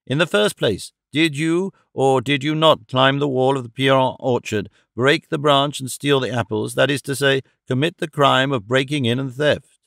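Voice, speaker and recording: A man reading the part of an attentive court president who addresses a prisoner in a formal, measured way in an audiobook. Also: mid-range voice, fairly even intonation, gravelly, fairly bright tone, no room sound, studio quality. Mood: stern.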